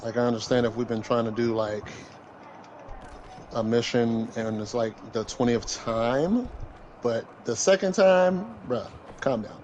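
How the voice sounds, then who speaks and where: A man's voice: medium pitch, unhurried, a little mellow, dull audio, slight background noise. A man co-hosting a gaming podcast, talking casually and bluntly while playing, sometimes mimicking others. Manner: laid-back, blunt, mimics others mockingly.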